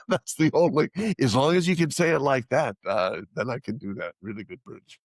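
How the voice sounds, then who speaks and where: A man co-hosting a podcast in casual chat, animated and quick to laugh. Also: mid-range voice, dry recording. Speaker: podcast co-host.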